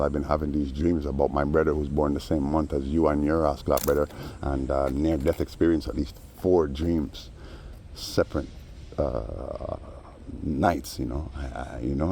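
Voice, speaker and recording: A man's voice: very deep voice, fairly even intonation, normal speed, mellow, slight background noise. A man vlogger telling a story in a casual, rambling monologue full of slang and frequent asides. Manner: rambling, street slang, frequent "you know".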